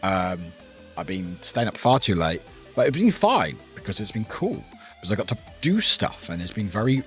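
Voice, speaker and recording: A young British man streaming and chatting with his viewers, teasing them playfully and switching between loud outbursts and quiet mumbles. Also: on the low side, big pitch swings, normal speed. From United Kingdom. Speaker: livestreamer. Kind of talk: casual chat with viewers. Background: faint music.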